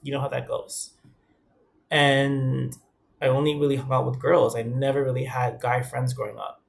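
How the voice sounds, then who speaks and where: Gravelly-voiced young man from the Bronx. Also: mid-range voice, little pitch movement, normal speed, a little hiss or hum. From the Bronx, New York. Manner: earnest, conversational, quotes others in dialogue. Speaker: vlogger. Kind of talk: candid personal talk to camera.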